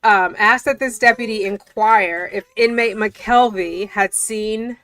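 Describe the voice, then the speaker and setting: A woman's voice: medium pitch, slow pace, a bit bright, no room sound. A woman reading official documents aloud and breaking off for casual, incredulous commentary. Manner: chatty, incredulous, often laughing.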